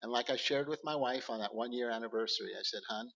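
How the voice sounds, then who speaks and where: A man speaking earnestly at a church service, halting often with fillers as he presents slides. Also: mid-range voice, creaky, fairly bright tone, in a large hall, lo-fi sound.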